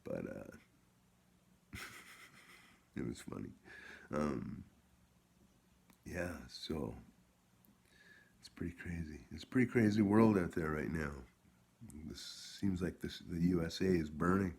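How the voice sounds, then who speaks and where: A man's voice: deep voice, expressive, takes it slowly, creaky, pauses often, a little mellow, husky. A man telling a rambling, profane story in a casual vlog, with many restarts. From Canada. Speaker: vlogger.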